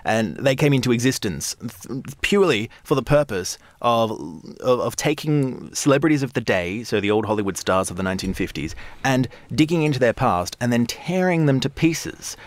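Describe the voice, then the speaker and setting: A man speaking as a guest on a radio panel, explaining in an animated way with frequent restarts, on a studio microphone. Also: mid-range voice, normal speed, few pauses, dry recording.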